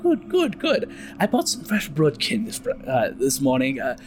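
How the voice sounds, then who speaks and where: A man's voice: mid-range voice, huge pitch swings, moderate pace, a little hiss or hum. A man voicing a kindly older grandmother who fusses over the household and repeats herself. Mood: doting.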